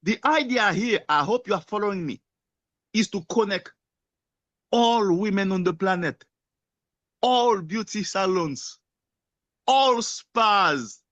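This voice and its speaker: A man giving a rousing motivational sales pitch in non-native English, firing off rhetorical questions and answering them himself. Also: lively intonation, slow, pauses often, fairly bright tone, dry recording. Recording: dull lo-fi sound.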